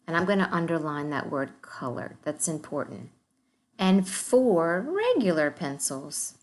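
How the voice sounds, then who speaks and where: A woman teacher giving a recorded math lesson to young children, slow and encouraging, speaking straight to the kids. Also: on the low side, very animated.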